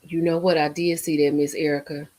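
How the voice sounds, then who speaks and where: A woman hosting a casual live stream, reacting to viewer comments in an animated way. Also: deep voice, a little fast. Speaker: livestream host.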